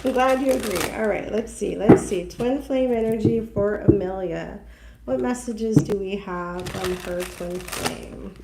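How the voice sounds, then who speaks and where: A woman's voice: medium pitch, a little slow, vocal fry. A woman giving a chatty, emotional tarot reading, talking her thoughts aloud as she pulls cards. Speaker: tarot reader. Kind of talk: intuitive tarot reading for viewers. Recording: echoey room with faint noise.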